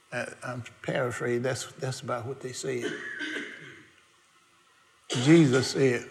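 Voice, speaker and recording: A gravelly-voiced man preaches. He asks the congregation question after question and drops in folksy asides, using everyday dialect grammar. He keeps a slow, deliberate pace. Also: medium pitch, steady tone. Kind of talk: sermon.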